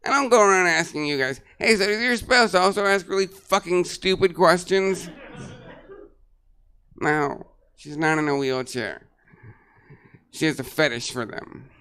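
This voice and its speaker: A man hosting a comedy show, doing a short stand-up bit with a halting, filler-heavy delivery before bringing up the first comic. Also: high-pitched, lively intonation, sharp tone, smooth. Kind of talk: stand-up emcee set. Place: comedy theater stage, live audience.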